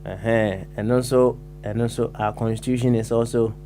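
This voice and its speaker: A Ghanaian man hosts a live chat show at an ordinary pitch. He talks haltingly, with plenty of fillers and restarts, and slips between Twi and English. Faint music plays behind him. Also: level tone, dark tone. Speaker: host.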